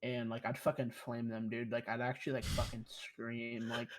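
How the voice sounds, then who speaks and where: A man's voice: medium pitch, normal speed. Young guy on a podcast telling a rambling story, swears a lot. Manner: profane, rambling, animated storyteller. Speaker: podcast guest. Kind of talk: casual storytelling chat.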